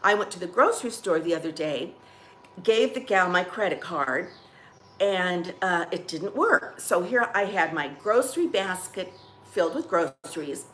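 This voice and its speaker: A woman's voice: fairly low pitch, lively intonation, normal speed, a bit bright, slight background noise. A woman hosting a casual coffee-chat vlog, rambling and chatty as she tells stories to her viewers. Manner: rambling, chatty, restarts and trails off. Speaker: vlog host.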